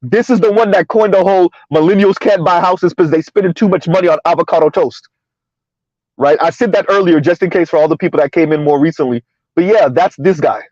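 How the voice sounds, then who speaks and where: A man's voice: sits high, fairly quick, darkish tone, no echo. A man hosting a casual commentary vlog who chuckles often and keeps asking his audience "right?". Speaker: host, social commentator. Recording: dull lo-fi recording, dry.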